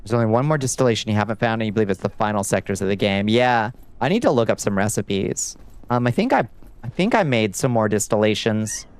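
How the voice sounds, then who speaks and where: A man's voice: fairly low pitch, animated, fast talker, clear, resonant tone. A man streaming a video game from home, chatting loosely with viewers and swearing casually, with lots of fillers. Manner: loose and profane, rambling with fillers. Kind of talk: casual gameplay chat with viewers.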